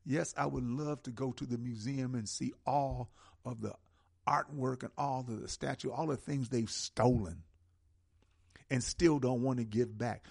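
A husky, gravelly-voiced man hosts a call-in radio show. He talks with an impassioned, sermon-like cadence and leans hard on key words with slow, heavy stresses. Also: mid-range voice, a little mellow. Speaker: radio talk show host.

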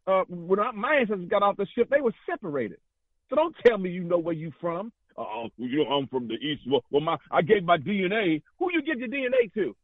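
Over a tinny phone line, a man with a high voice calls a radio talk show, the recording dry. He delivers an impassioned, fiery, rambling call and repeats himself often.

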